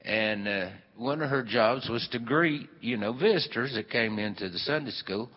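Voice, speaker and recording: A man spins a meandering, folksy yarn full of little fillers. His voice is pitched in an ordinary middle range. It comes through dull and muffled, with a long hall echo behind it. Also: normal speed, slightly rough. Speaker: storyteller. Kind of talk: folksy live storytelling. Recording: dull, hall-echoed live recording.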